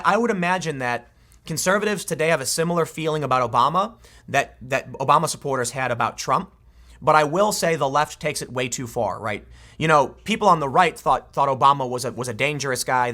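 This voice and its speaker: A man's voice: a little high, pushed and bright. A man giving an unscripted political commentary monologue, opinionated, with mocking asides.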